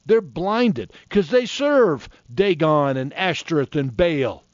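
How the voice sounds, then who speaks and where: A preacher in his fifties delivers a heated, folksy sermon, his fairly high voice leaping and dropping with fervor. The recording is muffled and lo-fi, with no room echo. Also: animated, slow. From Florida. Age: 50s. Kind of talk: fiery sermon. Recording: dull, dry lo-fi recording.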